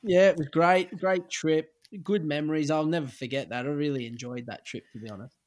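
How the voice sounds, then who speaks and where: A man's voice: fairly high pitch, fairly quick. A middle-aged Australian man, a former footballer, casually telling an anecdote and acting out the lines of the people in it. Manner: animated anecdote-telling, acts out quoted lines. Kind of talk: casual storytelling.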